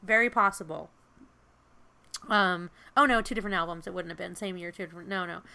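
A woman in her fifties co-hosting a podcast, telling stories in an animated, chatty way with lots of fillers. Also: on the low side, fairly quick, vocal fry, clean tone. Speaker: podcast co-host. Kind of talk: casual chat.

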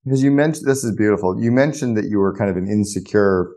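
Guy hosting a business podcast, low mellow voice, laid-back and blunt, drops swear words. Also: fast talker. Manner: casual and blunt, swears freely. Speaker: podcast host. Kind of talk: conversational interview.

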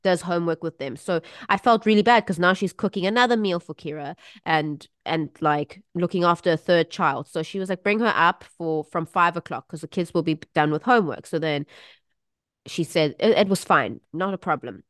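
A woman's voice: on the low side, moderate pace, no room sound, clean studio sound. A woman co-hosting a podcast, chatting casually and acting out the voices of people in her stories. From South Africa. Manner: animated storytelling, acts out quoted voices. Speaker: podcast co-host. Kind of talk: casual chat.

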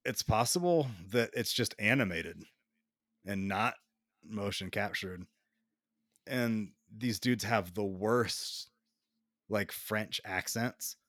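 Slow, low-voiced man ranting casually. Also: fairly bright tone, dry recording, clean studio sound. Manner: slow, drawling, profane ranting. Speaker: podcast co-host. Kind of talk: casual chat.

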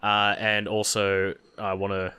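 A man's voice: on the low side, monotone, a little slow, bright, forceful tone, clean tone, no room sound. A man co-hosting a casual gaming podcast, laid-back and hesitant with fillers. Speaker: podcast co-host.

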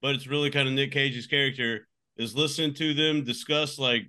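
A man's voice: medium pitch, steady tone, brisk, sharp tone, smooth. A man co-hosting a casual podcast, crude and joking, laughing often. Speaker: podcast co-host. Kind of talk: casual chat.

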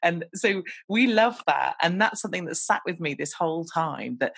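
A woman's voice: lowish voice, animated, moderate pace, gravelly, fairly bright tone, slightly rough, dry recording. A woman in her forties, chatting candidly on a podcast, talking about herself with self-deprecating humor. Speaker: podcast guest. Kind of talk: casual conversation.

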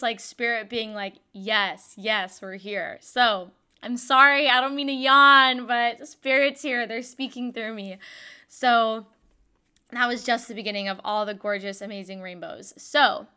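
A young woman hosts a podcast, telling a personal story in a chatty monologue loaded with "like" fillers, yawns, and laughs. Her voice is a little high, bright, clear, and resonant, with a forceful tone.

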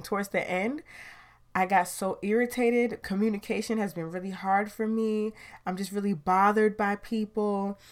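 A woman hosting her own podcast from home, talking candidly and casually, with sighs and trailing sentences. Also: mid-range voice. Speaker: podcast host. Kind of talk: casual chat. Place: recorded at home.

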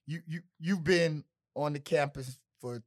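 A man's voice: on the high side, unhurried. A man with a Chicago accent hosting a casual panel interview with lots of hype-man energy. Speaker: host.

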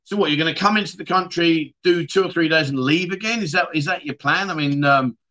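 A man's voice: on the high side, fairly quick, bright, forceful tone. A man hosting a casual livestream chat show, reading viewer comments aloud and answering them in a chatty way.

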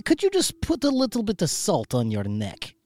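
A man's voice: sits high, huge pitch swings, darkish tone, pitched above the performer's own voice. A man voicing a hammy male vampire, eager for blood, who draws out his words in a mock accent that turns "w" into "v". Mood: hungry, theatrical. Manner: slow, drawn-out mock accent with "v" for "w".

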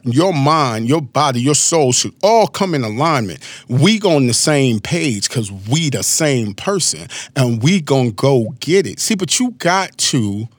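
Animated man, lively swooping pitch. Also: dry recording. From Maryland, USA. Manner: animated, storytelling, frequent asides. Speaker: motivational speaker. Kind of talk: casual motivational talk.

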